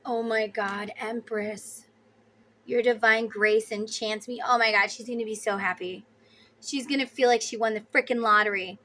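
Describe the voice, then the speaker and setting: A woman's voice: on the high side, fairly even intonation, moderate pace, bright, forceful tone. A woman giving a casual tarot reading to her viewers, chatty and emphatic, sometimes blunt and swearing. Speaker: tarot reader.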